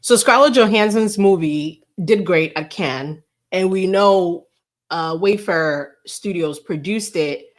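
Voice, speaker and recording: Taking it slowly in a lowish voice, a livestream host reads out a celebrity news article and tears into it with sarcasm, disbelief, and lots of laughter. It's casual commentary, recorded on a livestream camera setup.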